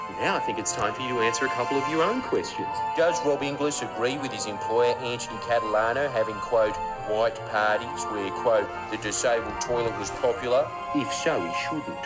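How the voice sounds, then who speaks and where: A man's voice: fairly low pitch, low-quality recording. A man delivering a mocking scripted monologue, firing heated rhetorical questions. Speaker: political comedian.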